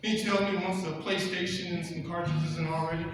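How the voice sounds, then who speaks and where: A man telling a personal story on stage, animated and acting out voices, with audience laughter. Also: sits high, fast talker, a little hiss or hum. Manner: animated, acts out voices and shouts. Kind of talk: live storytelling performance. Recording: roomy hall miked from a distance.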